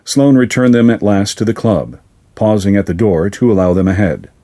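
Man, story narrator, dark tone, husky, steady reading. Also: on the low side, normal speed.

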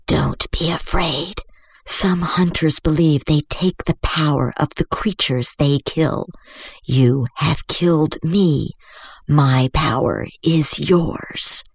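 An old, crippled dragon speaks in a soft, distant, unhurried storybook voice, as a woman reads it. The words come slow and solemn, a little quieter than the telling around them. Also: low-pitched, creaky, husky, no room sound, exaggerated voice.

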